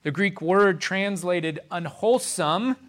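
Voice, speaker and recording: A man with a high voice preaches to his congregation at an unhurried pace. He speaks deliberately, slowing further to lean on key phrases as he walks through scripture. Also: a bit bright. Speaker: pastor. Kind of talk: sermon.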